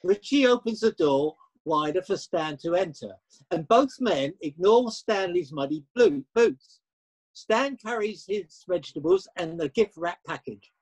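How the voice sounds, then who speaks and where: A man gives plain, matter-of-fact scripted narration in a high, husky voice. He reads the story lines evenly between the scenes. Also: lively intonation, unhurried, poor audio.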